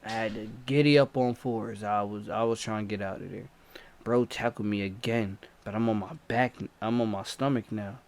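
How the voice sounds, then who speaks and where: A man telling a story in casual storytime narration, animated, with loud yells and sound effects. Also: on the low side, normal speed. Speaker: storyteller, channel host.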